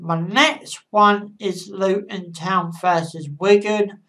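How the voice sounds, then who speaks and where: A woman casually giving football match predictions, with a halting delivery and frequent pauses. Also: medium pitch, steady tone, fairly bright tone. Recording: voice a bit far from the mic.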